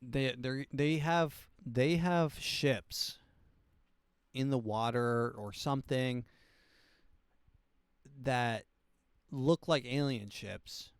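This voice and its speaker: Smooth-voiced man doing a rambling comedy rant. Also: mid-range voice, very slow, long pauses, no echo, studio quality. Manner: loose, profane, conspiratorial. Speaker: comedy podcast host.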